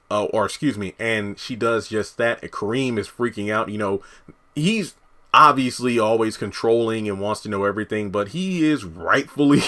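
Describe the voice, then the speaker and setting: Low-voiced man rambling through an episode recap. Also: bright, forceful tone. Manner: rambling, many fillers and restarts. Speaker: TV episode reviewer.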